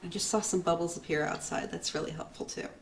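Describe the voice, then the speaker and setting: A woman with a lowish voice hosts a let's play, talking fast as she casually explains her gameplay over game music. There's slight background noise.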